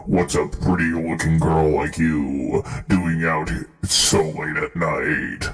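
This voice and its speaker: Man putting on a deep creepy stranger, smirking, very slow drawl, storybook reading. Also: fairly even intonation. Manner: slow, low, drawn-out delivery.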